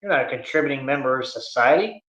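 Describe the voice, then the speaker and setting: A man's voice: mid-range voice, lively intonation, quick pace, a bit bright. A man on a livestream with a boastful, taunting, slangy manner, ranting at his critics. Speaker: streamer. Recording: echoey room, dull lo-fi stream audio.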